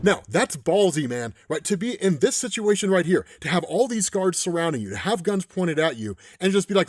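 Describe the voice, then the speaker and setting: A man talks through a comic in a loose, casual recap, swearing freely and often checking in with the listener. His pitch sits a bit high and swings a lot. The recording is close and dry. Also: sing-song, a little fast, hardly any pauses, no room sound. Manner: casual, profane, keeps asking "right?". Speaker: comics commentator.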